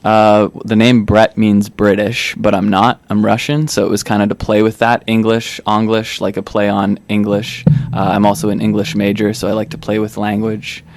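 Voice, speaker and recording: Laid-back man in his thirties, low voice. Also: level tone, moderate pace, hardly any pauses, a little mellow, slight background noise. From Canada. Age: 30s. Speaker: music producer and guest. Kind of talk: casual radio studio chat. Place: radio studio.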